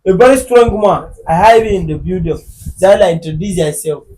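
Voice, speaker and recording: Nigerian male podcast host, high voice, jokey, loud bursts. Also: brisk, poor audio. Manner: animated, joking, bursts into shouting. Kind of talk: casual chat.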